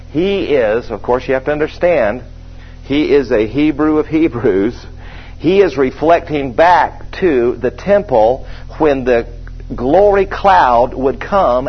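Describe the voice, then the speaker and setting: Husky-voiced preacher giving a sermon. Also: male voice, medium pitch, animated. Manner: conversational, asks the congregation questions, slows and stresses scripture. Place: church service with a congregation. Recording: dull lo-fi sermon recording.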